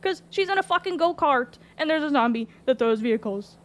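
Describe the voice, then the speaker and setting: A woman telling a story in casual chat, animated and exasperated, swearing often. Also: high-pitched, fairly quick. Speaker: streamer recounting a roleplay.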